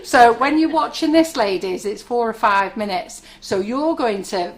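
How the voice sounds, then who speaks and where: Her pitch sits fairly high, with lively intonation and a measured pace. She's a middle-aged baking shop owner presenting products live from her shop kitchen, rambling happily and telling stories as she goes.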